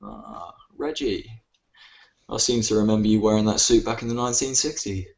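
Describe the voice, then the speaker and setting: A man voicing a gaunt, tired old male vampire in a tabletop game, speaking in a quiet, measured way over a voice call. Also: on the low side, close to an everyday voice. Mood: cool. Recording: muffled online voice chat.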